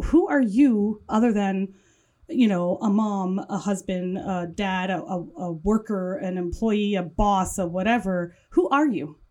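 French-accented woman, warm mellow tone, enthusiastic, piles up long lists, podcast studio guest. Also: medium pitch. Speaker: guest, wellness business owner. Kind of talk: casual interview chat.

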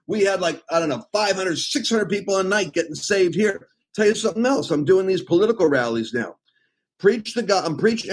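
A middle-aged man preaching in an emphatic, rambling way, with sudden loud outbursts. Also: high-pitched, breathy edge, low-quality recording. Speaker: preacher and host. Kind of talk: impassioned preaching talk.

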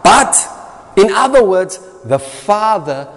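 A man with a South African accent preaching a sermon, emphatic and repetitive, his voice swinging between loud and soft. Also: high-pitched, sing-song, slow pace. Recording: long reverb of a hall.

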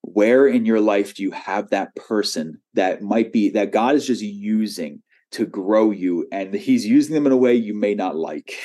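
A pastor delivers a sermon in a low, dark, mellow voice. He talks conversationally, keeps asking the congregation "right?", and slips into the voices of the people in his stories. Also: unhurried, hardly any pauses. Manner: conversational preaching with frequent "right?" asides.

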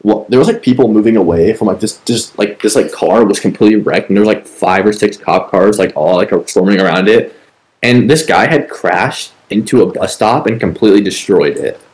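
On a low-quality recording, a podcast co-host with a lowish, slightly mellow voice talks a little fast as he tells a story. It's loose and meandering, heavy on profanity and fillers.

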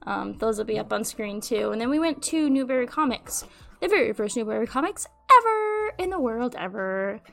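A young adult woman hosting a podcast, telling a rambling, animated story in casual chat and swearing freely. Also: on the high side, moderate pace, creaky, soft background music. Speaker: podcast host.

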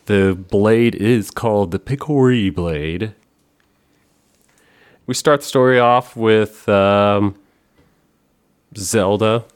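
Low-voiced man rambling casually. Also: clear, resonant tone. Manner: rambling, profane, full of fillers. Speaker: podcast host. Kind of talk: casual chat.

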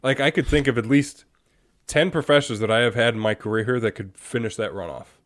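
Animated young man ranting about football. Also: mid-range voice, a little fast. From Wisconsin. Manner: animated, laughing, exasperated. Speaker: sports podcast host. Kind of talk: casual sports talk.

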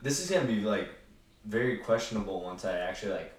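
A man's voice: fairly low pitch, lively intonation, quick pace, a crowd in the background. A laid-back man co-hosting a casual podcast over a video call, laughing easily. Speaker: podcast co-host and editor. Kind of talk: casual chat. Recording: very echoey, distant mic with faint noise.

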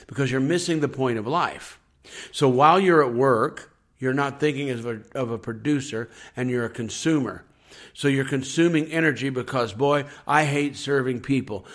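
Here a man who pastors is on a faith podcast, speaking earnestly at a moderate pace in a mid-range voice. He keeps repeating his points and performs other people's grumbling in quoted asides.

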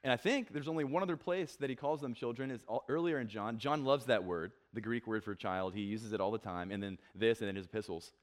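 A man's voice: medium pitch, fast, hardly any pauses. A young man preaching a casual, conversational sermon, acting out quotes and joking about himself. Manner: conversational, self-deprecating, acts out quotes. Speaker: pastor.

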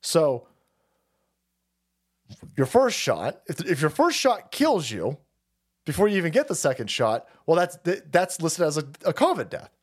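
Brief: a loud, swearing male streamer with a slightly high, bouncy voice, rambling through chat reads. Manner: rowdy, foul-mouthed, rambling with restarts. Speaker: livestream host reading viewer chats. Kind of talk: casual profane stream commentary.

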